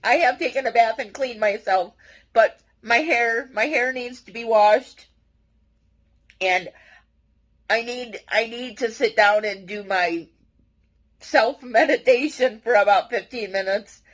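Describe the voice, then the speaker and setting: A woman speaking directly to her viewers in a personal confessional vlog, earnest and halting, often restarting her sentences. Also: on the high side, rough recording. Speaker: vlogger.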